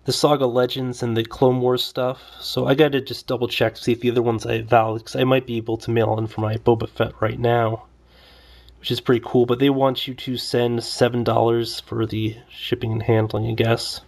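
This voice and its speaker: A man with a gravelly, fry-tinged voice talks through a toy review in an easy, meandering way. He pitches at an ordinary middle height and keeps stopping for fillers and asides, with a wry, mildly complaining edge. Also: level tone, fairly quick, a little mellow. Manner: rambling, loose, lots of fillers. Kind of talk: casual toy review vlog.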